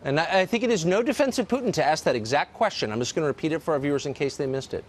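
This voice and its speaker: A male news host with a fairly high voice interviews a guest on a cable news show. His pitch moves a lot as he asks pointed, probing questions. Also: expressive, racing, slight background noise.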